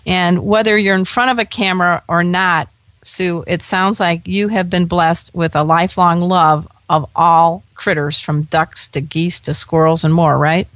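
A woman's voice: on the low side, fairly even intonation, a little slow, a bit bright, no echo. A woman hosting a pet radio show, chatting in a bubbly, jokey way and laughing often. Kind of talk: casual radio interview.

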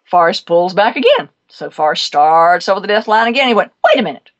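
A woman hosting a talk show, telling a pet psychic story in an animated, emphatic, chatty way. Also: medium pitch, fairly quick, lo-fi sound.

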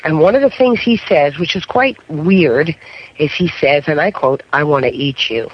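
Guesting on a radio talk show interview, a middle-aged paranormal investigator tells stories in a slightly high, animated voice with a breathy edge, at normal speed. He checks in frequently with "okay?", and the muffled radio audio is dull and lo-fi.

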